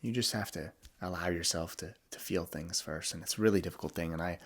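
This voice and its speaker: A young man hosting a podcast, talking candidly and vulnerably in a reflective monologue, often halting and restarting. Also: low-pitched. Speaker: podcast host.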